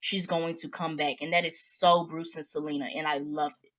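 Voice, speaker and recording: Bright-voiced woman hosting a podcast. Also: sits low, moderate pace. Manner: laughing, animated banter. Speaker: podcast host. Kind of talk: casual podcast chat.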